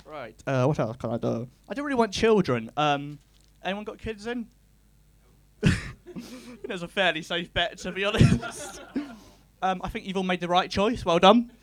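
Deadpan stand-up comic. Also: male voice, high-pitched, moderate pace. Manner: deadpan, self-deprecating, pedantic. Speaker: stand-up comedian. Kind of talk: stand-up comedy set.

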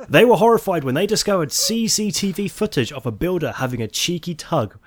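A man co-hosting a comedy podcast, explaining odd products and news in a plain, deadpan way. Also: on the high side, a little fast, crowd noise. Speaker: podcast co-host. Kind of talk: casual comedy chat.

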